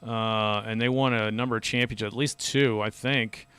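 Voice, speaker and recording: A man's voice: mid-range voice, fairly even intonation, moderate pace, a bit bright, clean tone. A man hosting a podcast, telling stories in a loose, rambling, chatty way. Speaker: podcast host. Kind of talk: casual podcast chat.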